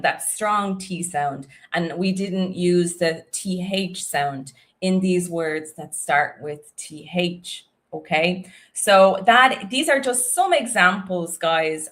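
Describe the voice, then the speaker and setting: A woman's voice: mid-range voice, fairly bright tone. An Irish woman, an English teacher, explaining pronunciation in an online lesson, repeating words and often checking with okay. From Ireland.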